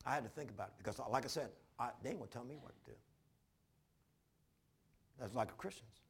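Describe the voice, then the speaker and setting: Gravelly older male preacher. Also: mid-range voice, expressive, fast talker. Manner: folksy, repetitive storytelling with sudden loud bursts. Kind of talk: sermon with personal testimony.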